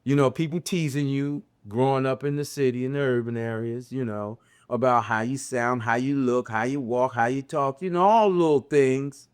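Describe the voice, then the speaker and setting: An older man speaking with a long Southern drawl, his words drawn out and unhurried. He gives a religious reflection in a plain, conversational way, circling back over his own phrases. His voice sits at an ordinary middle pitch. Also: steady tone, clean tone. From American South, raised in a city. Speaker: religious teacher.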